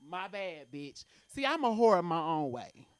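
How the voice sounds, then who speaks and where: A woman's voice: fairly low pitch, very animated, a little slow, clear, resonant tone, no echo. A woman doing a brash, profane stand-up set at an open mic in a comedy club.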